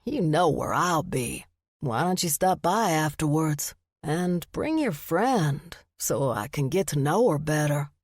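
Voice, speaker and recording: A woman voicing a charming, flirty southern gentleman with a deep voice and a slow, teasing drawl. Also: expressive, no echo, clean studio sound. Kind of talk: audiobook narration.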